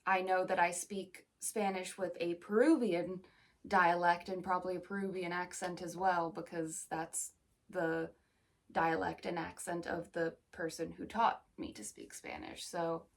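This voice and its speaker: A woman's voice: fairly low pitch, level tone, a little slow, distant mic. A young American woman with a standard American accent, chatting casually in a vlog with rambling, self-deprecating asides. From United States. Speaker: actor.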